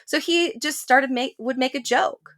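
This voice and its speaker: A woman's voice: high voice, a little slow, a bit bright. A woman hosting a podcast interview, telling a personal story in a candid, reflective way. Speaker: podcast host. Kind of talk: casual interview chat.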